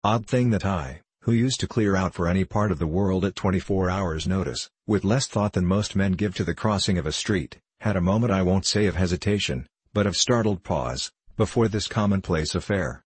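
A man narrating a classic story aloud at a measured, even pace. His voice is deep and husky. The sound is dry and close, with no room around it. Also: no echo. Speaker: audiobook narrator.

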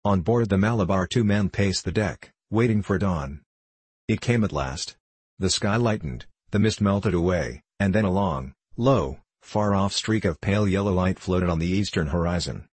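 A man narrating a novel in a steady, measured audiobook reading. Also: low voice, slightly rough, dry recording.

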